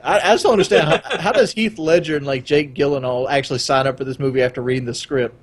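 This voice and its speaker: A young adult man hosting a casual podcast, rambling and animated and swearing freely. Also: mid-range voice, fast. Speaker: podcast host.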